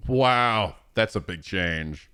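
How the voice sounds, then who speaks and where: Lively, low-voiced streamer man. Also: takes it slowly, smooth, no room sound. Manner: profane, rambling, animated. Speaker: game streamer. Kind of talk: casual chat.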